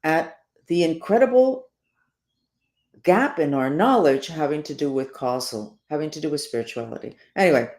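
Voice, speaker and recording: A woman's voice: low voice, animated, moderate pace, a little mellow. Rambling, sarcastic woman in echoey room. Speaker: host. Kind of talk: spoken self-help talk.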